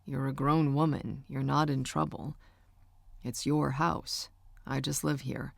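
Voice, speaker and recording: Woman voicing a soft-spoken, low, gruff uncle. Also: level tone, a little slow, no echo, exaggerated voice. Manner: low, hushed and comforting. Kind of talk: audiobook character voice.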